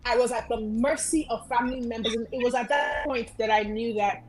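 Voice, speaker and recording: A high-voiced woman, talking with earnest conviction on a casual talk show. She drives her points home by repeating emphatic phrases, like a sermon slipped into chat. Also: brisk, low-quality recording. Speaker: guest commentator.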